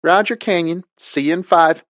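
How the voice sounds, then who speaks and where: A man doing a brisk Southern woman pilot. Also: on the low side, dry recording, lo-fi sound, pitched above the performer's own voice, lightly acted. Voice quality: Southern drawl.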